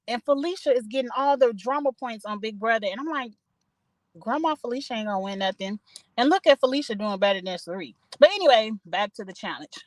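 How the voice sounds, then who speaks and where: A woman's voice: medium pitch, dry recording, poor audio. A woman giving a chatty, opinionated reality show recap from her parked car, full of gossipy asides. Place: parked car in a parking lot.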